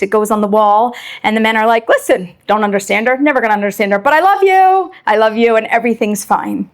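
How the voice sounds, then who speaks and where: A middle-aged woman who moved to Israel, giving a lively personal Torah talk to an audience and acting out the voices she quotes. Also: fairly high pitch. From immigrant to Israel. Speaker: Torah lecturer.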